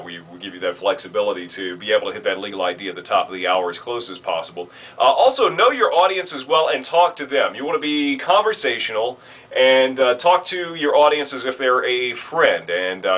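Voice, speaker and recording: A man training new radio announcers, talking in a relaxed, conversational way with frequent fillers. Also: medium pitch, poor audio. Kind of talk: instructional talk.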